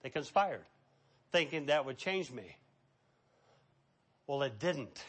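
A middle-aged male pastor preaching a sermon, emphatic, swinging between loud and hushed. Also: mid-range voice, animated, slow, slightly rough.

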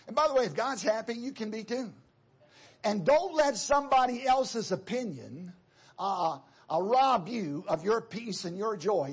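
A male preacher with a very raspy, husky voice that sits fairly high. He delivers a sermon in a chatty, repetitive way, speaking directly to the congregation.

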